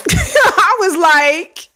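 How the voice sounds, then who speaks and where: A woman's voice: very high voice, big pitch swings, extremely slow, pushed and bright. A middle-aged woman hosting a casual livestream, telling stories with lots of laughter and casual swearing. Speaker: K-pop commentary livestream host.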